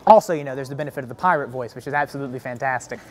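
A teenage boy, a young stage actor, eagerly answering interview questions in an articulate, quick way with casual fillers. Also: mid-range voice, crowd noise. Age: teens. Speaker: youth theater actor.

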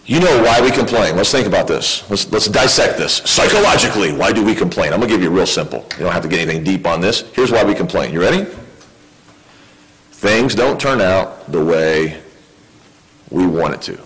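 A man's voice: deep voice, lively intonation, brisk, fairly bright tone, rough recording. A male pastor preaching a sermon in a conversational way, often asking his congregation questions. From United States.

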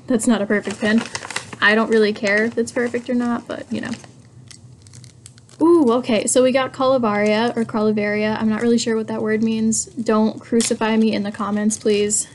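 A young woman talks her way through an unboxing, musing aloud in a casual, chatty way. She is quick to get excited and gushes over what she finds. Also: on the high side, slight background noise. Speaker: hobby vlogger.

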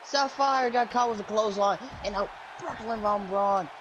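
A man hosting and calling play-by-play for a match, jokey and excitable, breaking into high yelps when surprised. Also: moderate pace, dull audio, noisy background. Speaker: host and commentator.

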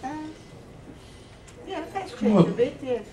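A woman from Egypt in a convention audience, giving short, soft replies in casual chat. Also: high-pitched, very animated, measured pace. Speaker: audience member. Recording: echoey convention hall with crowd.

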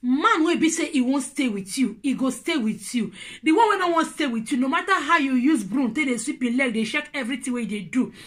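A woman speaking Nigerian Pidgin, giving casual relationship advice in an animated, preachy and playful way. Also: sits high, fairly quick, few pauses. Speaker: vlogger.

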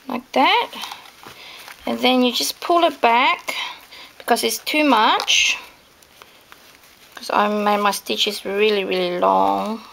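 Gushing, gravelly-voiced woman crafter. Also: a little high, fairly even intonation, slow, pauses often, a bit bright, a little hiss or hum. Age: adult with children. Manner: chatty and gushing, with many fillers. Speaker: craft tutorial maker. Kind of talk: casual sewing tutorial.

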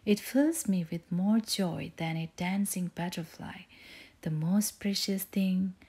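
A gentle mother bear from a bedtime storybook, tender and soothing, as a woman reading aloud puts her on. Her voice is warm and mellow, slow, with a soft breathy edge. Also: lowish voice, heavily acted.

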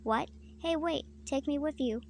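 A woman's voice: high voice, measured pace, a little mellow, a little hiss or hum, pitched above the performer's own voice. A woman reading a bratty, rude emo girl in a snippy, blunt way.

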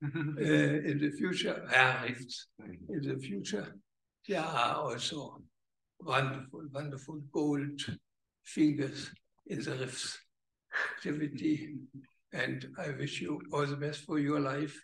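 An older German-accented man speaks very slowly in a gravelly, creaky voice, halting as he searches for English words. His conference welcome rings through an echoey hall. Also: a little high, fairly even intonation, a bit bright. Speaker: guest speaker.

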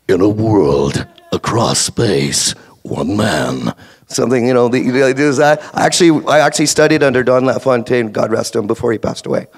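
A man with a Canadian accent, a voice actor speaking on a convention panel, giving career tips in a rambling, jokey way full of restarts. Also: mid-range voice. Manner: rambling, jokey, self-interrupting.

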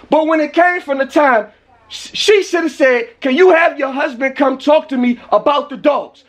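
A furious man ranting, high-pitched and shouting. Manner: profane, heated, often shouting. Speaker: vlogger. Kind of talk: angry rant to camera.

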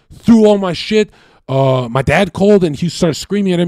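A young man from Canada, a streamer, talking in a rambling, profane casual monologue that swings between loud bursts and low mutters. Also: a little fast, creaky, no echo, clean studio sound.

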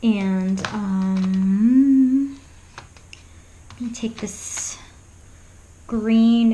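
This woman's voice is mid-range, slow and a little mellow, captured in a low-quality recording. Demonstrating a painting as an art vlogger, she chats in a rambling, hesitant way full of ums, frequently whispering and laughing at her own jokes.

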